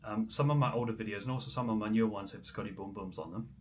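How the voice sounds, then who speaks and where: A man's voice: lowish voice, rapid-fire, a little hiss or hum. Chatty New man livestreaming. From New Zealand. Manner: chatty, answers viewer comments, many ums. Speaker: musician livestreamer. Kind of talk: casual livestream chat.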